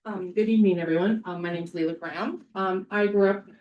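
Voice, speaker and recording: A woman's voice: mid-range voice, fairly even intonation, a little fast, dull audio. A woman in her forties from Montana introducing herself as a candidate at a townhall, chatty and informal with many ums. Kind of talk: casual campaign introduction. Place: public meeting hall. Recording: echoey hall.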